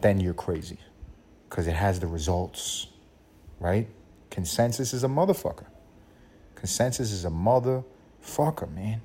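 A man talks alone into his podcast mic, swearing freely and circling back to the same ideas. His voice sits low and dark, with a mellow edge. He laughs at his own points and breaks into mocking voices when he quotes other people. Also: breathy edge. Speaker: podcast host. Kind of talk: solo podcast rant.

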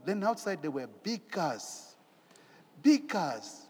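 A man preaching a sermon in an animated way, asking rhetorical questions and repeating his phrases. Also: sits high, slow, in a large hall.

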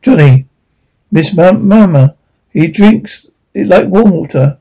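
A man's voice: high-pitched, lively intonation, slow pace, creaky, warm tone, breathy edge, full character voice, rough recording. A man reading the part of a curt, hard-drinking woman in a bar, with a Latin accent. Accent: Latin American. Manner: curt, snappish.

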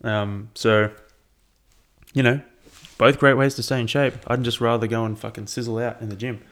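A man's voice: mid-range voice, steady tone, moderate pace, a bit bright. A young man chatting casually about his training to his own microphone, rambling and swearing often. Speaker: triathlete sharing training update. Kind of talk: casual chat.

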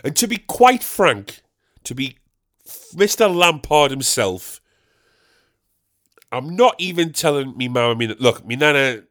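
A young man hosting a solo comedy podcast, goofy and animated, swearing freely as he rambles. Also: mid-range voice, measured pace, pauses often. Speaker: podcast host.

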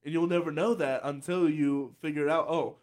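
A man's voice: fairly high pitch, steady tone, a little fast, a little mellow. Chatty man with a light tenor voice. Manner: chatty, restarts often, laughs easily. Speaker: podcast host. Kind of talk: casual chat.

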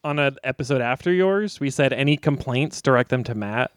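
A man's voice: medium pitch, expressive, brisk. A man hosting an improv comedy podcast, upbeat as he sets up games and scenes. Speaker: host.

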